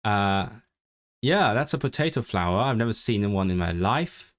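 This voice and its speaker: This man's voice sits lowish and moves at a normal speed. Casually streaming about language learning through a desk microphone, he muses aloud with many restarts and reads chat. His first language is English, and his learner's Welsh comes out with animated intonation.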